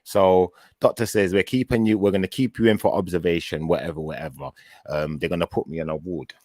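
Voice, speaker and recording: Low-voiced man telling a story. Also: a little fast, dry recording, clean studio sound. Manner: animated storyteller, acts out his own quoted words. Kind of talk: casual chat.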